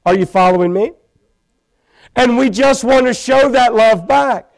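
A man preaching a sermon in a church, telling his own story with feeling and rising to loud pleading. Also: very high-pitched, measured pace, gravelly. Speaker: pastor. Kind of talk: sermon testimony. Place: church sanctuary.

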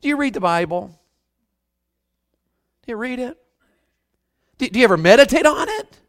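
A man's voice: extremely high pitch, lively intonation, moderate pace, fairly bright tone, no room sound. A man with a Southern US accent preaching a fervent revival sermon, often putting questions to the congregation. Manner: fervent, asks the crowd questions.

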